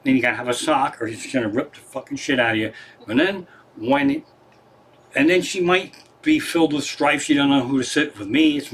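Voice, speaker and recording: This comedian's voice is husky, medium-pitched and a bit bright. He's livestreaming casual stand-up storytelling from his living room, retelling scenes and stories, rambling and cursing freely.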